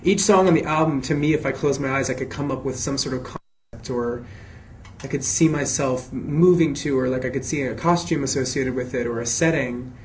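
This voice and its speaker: A man with a mid-range voice talks through fan questions in an easygoing, casual Q&A. He reads each question aloud, then answers in an expressive, chatty way that often circles back and restarts. A faint hum sits under his voice. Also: mid-range voice, brisk.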